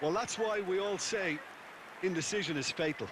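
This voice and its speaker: A man playing an adult male football co-commentator in a video game, giving measured, explanatory analysis. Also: high voice, natural voice. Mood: analytical. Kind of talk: scripted sports analysis. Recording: game audio with noise behind.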